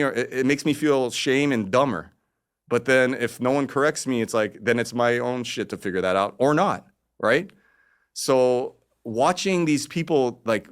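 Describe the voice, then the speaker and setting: Profane, rambling storytelling man around fifty. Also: on the low side. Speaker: guest. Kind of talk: casual interview conversation.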